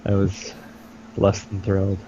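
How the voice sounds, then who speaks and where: A young man on a podcast with a lowish voice, telling a long story loosely and filling gaps with ums and uhs. The recording is dull and lo-fi, with a faint hiss underneath. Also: monotone, a little slow. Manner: rambling storyteller, many fillers and swearing. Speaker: podcast co-host. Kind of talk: casual chat. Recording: dull lo-fi sound with faint noise.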